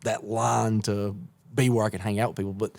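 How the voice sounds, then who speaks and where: Energetic man with a thick East Tennessee twang. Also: fairly low pitch, brisk, gravelly, background noise. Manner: energetic storyteller, quotes people in voices. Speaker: guest, musician. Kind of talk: casual chat.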